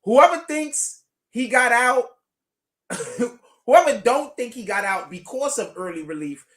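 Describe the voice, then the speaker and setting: A man's voice: extremely high pitch, lively intonation, unhurried, a bit bright. A man hosting a livestream, reading viewer chat aloud and reacting in an incredulous, emphatic way, laughing between remarks. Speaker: show host.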